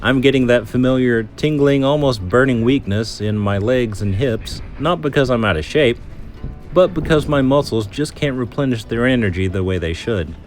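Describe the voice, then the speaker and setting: A man's voice: medium pitch, normal speed, faint music behind. A man hosting a hiking vlog outdoors, chatty and joking, out of breath as he narrates. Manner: chatty, joking, explains his muscles in plain terms. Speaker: vlog host. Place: outdoor park trail.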